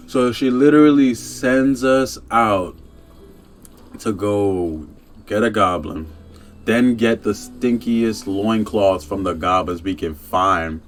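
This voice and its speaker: A young man casually reviewing a video game in a laid-back, slangy way, chuckling and breaking into excited rants. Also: fairly low pitch, unhurried, slight background noise.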